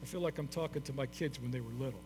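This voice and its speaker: A man's voice: mid-range voice, racing, darkish tone. A middle-aged man preaching a sermon to his congregation, emphatic and repeating his key phrases. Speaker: pastor. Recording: long hall reverb with faint mains hum.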